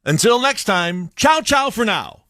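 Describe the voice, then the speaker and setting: A man's voice: high-pitched, sing-song, a little slow, bright, forceful tone, a little hiss or hum, voice pushed up, full character voice. A man voicing a flamboyant, bow-tied male restaurant critic with a showy, sing-song sign-off. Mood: theatrical.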